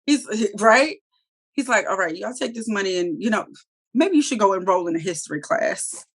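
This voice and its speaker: A woman co-hosting a review show in casual chat, talking in an animated, profane way and acting out characters' lines. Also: medium pitch, moderate pace, breathy edge. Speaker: TV review podcast co-host.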